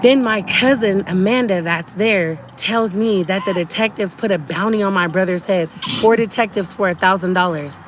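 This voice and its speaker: Woman, live stream to viewers, urgent, indignant, mid-pitched voice. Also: normal speed, noisy background. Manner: urgent and indignant, repeats herself. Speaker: livestreamer.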